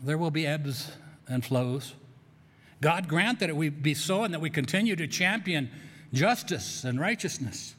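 A man's voice: on the high side, lively intonation, unhurried, a bit bright, long reverb tail. A man preaching a sermon as pastor, who often restarts and repeats words while searching for them. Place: church sanctuary.

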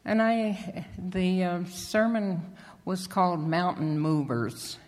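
A layperson stands at a church pulpit, stumbling through a testimony and announcements with many fillers and restarts. The voice is medium in pitch, carried by the long reverb of a church hall.

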